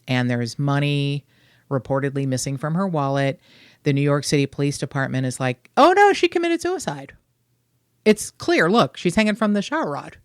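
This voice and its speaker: A woman from Kentucky with a Kentucky accent, hosting a true-crime podcast in a sarcastic, animated, blunt way. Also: a bass voice, clean tone, dry recording, studio quality. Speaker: podcast host.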